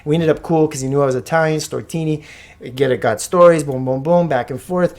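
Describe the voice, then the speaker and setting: A man casually telling a wild story on a podcast, animated and slangy, with frequent swearing. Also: a little high, a little fast. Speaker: podcast guest or co-host.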